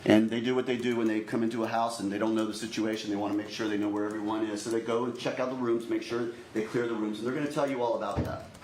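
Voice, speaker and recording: A male prosecutor delivering a deliberate opening statement to a jury, repeatedly addressing the jurors directly. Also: fairly low pitch, little pitch movement, darkish tone. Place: courtroom. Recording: echoey courtroom recording, faint noise.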